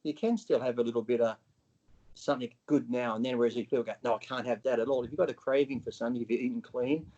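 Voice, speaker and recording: A man's voice: mid-range voice, quick pace, dark tone, lo-fi sound. A man talking as an interview guest in a casual, blunt way, swearing freely and acting out what other people say.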